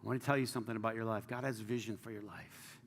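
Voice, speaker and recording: A man preaching a sermon as pastor, passionate, swinging from loud urging to hushed near-whispers. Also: lowish voice, steady tone, racing, a little hiss or hum. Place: large church hall. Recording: reverberant church hall with faint ambience.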